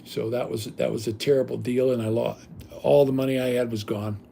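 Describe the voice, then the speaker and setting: Older man, gravelly voice, blunt, rambling, casual livestream chat, faint background noise. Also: medium pitch, level tone, fairly quick, dark tone. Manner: blunt, rambling, salty language. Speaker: livestream host.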